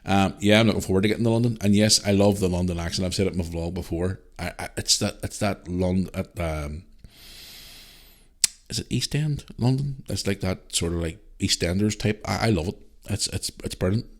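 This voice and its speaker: This is a man with a low, deep voice talking through a solo podcast episode. He rambles casually as he answers listener emails, repeating himself, restarting sentences and swearing bluntly. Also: brisk. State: parent, a single dad. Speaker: podcast host.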